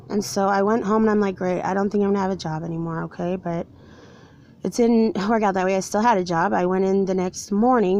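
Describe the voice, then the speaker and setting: A woman's voice: mid-range voice, fairly even intonation, a little fast, a little mellow, slight background noise. A forty-year-old woman earnestly telling viewers a personal story of being wronged, with an aggrieved tone. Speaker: vlogger telling her own story. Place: somewhere cold.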